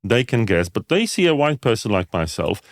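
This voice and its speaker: A man co-hosting a podcast, talking in an animated, filler-heavy way and asking rhetorical questions. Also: fairly low pitch, moderate pace, no echo, clean studio sound. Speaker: podcast co-host. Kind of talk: casual podcast discussion.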